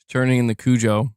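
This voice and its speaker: A man's voice: medium pitch, a little mellow, smooth, dry recording, clean studio sound. A man hosting a casual livestream, joking, laughing often and rambling as he reads chat. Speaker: livestream host.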